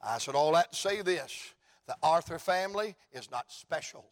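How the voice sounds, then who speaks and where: Folksy Southern preacher, high voice. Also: male voice, animated, moderate pace. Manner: folksy storytelling, rising to shouts. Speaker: evangelist preacher. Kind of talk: sermon.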